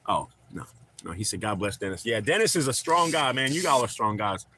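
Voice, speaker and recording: Chatting with viewers he calls brother, this livestream host rambles through long stories, swears freely, and reads the chat aloud. His fairly low voice is very animated, fairly quick, bright, and forceful, over slight background noise.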